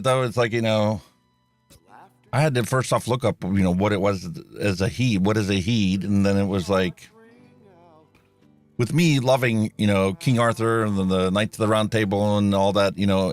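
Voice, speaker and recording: Relaxed man explaining a mixing recipe. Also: fairly low pitch, brisk, faint music behind. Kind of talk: casual live stream chat.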